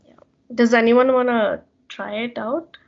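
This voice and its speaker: A woman's voice: a little high, steady tone, a little slow, vocal fry. A woman teaching in an online class, explaining patiently with many fillers, over muffled call audio. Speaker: language session teacher.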